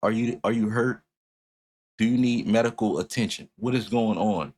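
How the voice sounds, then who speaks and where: A man hosting a music reaction, talking casually and bluntly with animated swings in his voice and easy swearing. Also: on the low side, normal speed, husky.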